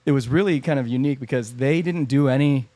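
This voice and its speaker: A man's voice: medium pitch, fast, warm tone, dry recording. A man co-hosting a podcast, telling a story casually with lots of fillers and laughter. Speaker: podcast co-host. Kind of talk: casual chat.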